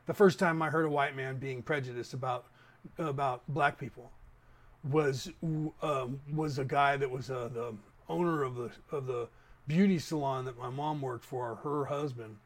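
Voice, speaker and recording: A man's voice: medium pitch, fairly even intonation, moderate pace. A man in his fifties from the San Francisco Bay Area, hosting a casual opinion monologue that rambles and speaks straight to listeners. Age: 50s. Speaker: podcast host.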